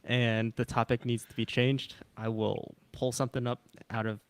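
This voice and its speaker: A man's voice: mid-range voice, flat delivery, normal speed, clean tone. A man moderating a podcast, introducing a guest and setting playful ground rules. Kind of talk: casual hosting.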